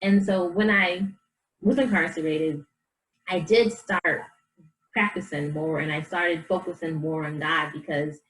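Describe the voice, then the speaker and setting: Speaking a little slowly in a low voice, the woman comes through on poor audio. As a life coach guesting on a casual interview, she earnestly and vividly describes her background and faith, dramatizing what others told her.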